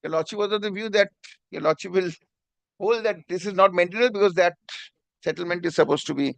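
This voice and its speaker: A man's voice: high voice, fairly quick, creaky, no room sound. A man, arguing a case as an advocate in court, deferential and addressing the judge again and again. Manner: deferential, repeats "my lord" constantly. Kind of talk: courtroom argument.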